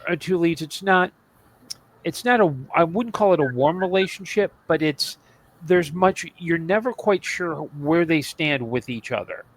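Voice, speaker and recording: A man's voice: fairly high pitch, measured pace, low-quality recording. A man co-hosting a podcast in casual chat about old TV shows, rambling with many restarts and asides. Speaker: podcast co-host.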